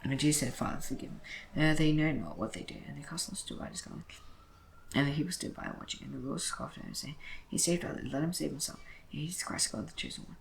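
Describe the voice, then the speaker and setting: A man reading scripture aloud in a brisk way, often slipping and correcting himself as he goes. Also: on the high side, creaky, slight background noise, low-quality recording. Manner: brisk reading with frequent slips and self-corrections. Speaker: Bible reader.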